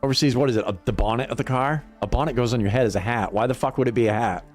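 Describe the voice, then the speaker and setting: A man's voice: mid-range voice, very fast, darkish tone, soft background music. A middle-aged man chatting casually on a livestream, rambling and swearing, laughing often. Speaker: livestream gamer. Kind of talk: casual chat to stream chat.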